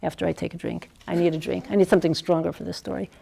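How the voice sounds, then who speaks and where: A woman's voice: lowish voice, little pitch movement, rapid-fire, vocal fry, mellow, a little hiss or hum, poor audio. A woman giving a Torah lecture to a class, asking the room questions and weaving in Hebrew terms. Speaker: Torah teacher.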